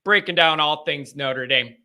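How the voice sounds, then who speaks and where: A man hosting a live sports call-in show, chatting casually and rattling off quick plugs and asides. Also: a little high, sharp tone.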